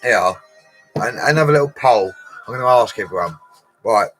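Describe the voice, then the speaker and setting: A man's voice: medium pitch, expressive, normal speed, fairly bright tone, faint music behind, rough recording. A middle-aged man, rambling through a casual live stream with laddish banter and frequent laughter. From Colchester, England. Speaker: livestream host.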